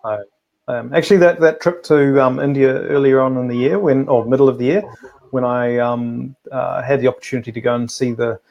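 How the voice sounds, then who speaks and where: A man chats on a live cooking stream, his voice sitting at an everyday middle pitch. He rambles through his points, restarting sentences and filling gaps with ums. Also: fairly quick, vocal fry, highs cut off. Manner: chatty, rambling with many restarts and fillers. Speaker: co-host of a live food show. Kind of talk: casual live-stream chat.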